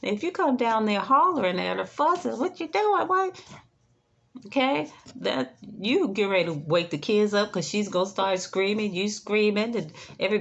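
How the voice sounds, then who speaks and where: A woman caregiver giving casual advice, chatty, tagging her sentences with "right?" and "okay?", sometimes dropping to a soothing hush. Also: medium pitch, highs cut off. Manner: soothing, drops to a hush when modeling calm words. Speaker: in-home caregiver. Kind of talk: casual advice talk to camera.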